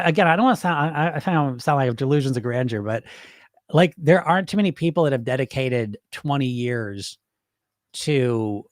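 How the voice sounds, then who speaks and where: A man's voice: mid-range voice, no room sound, clean studio sound. A man hosting a live weight-loss podcast, talking bluntly and profanely with pep-talk energy and reading viewer comments. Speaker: weight-loss hypnosis coach and podcast host. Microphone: wireless microphone.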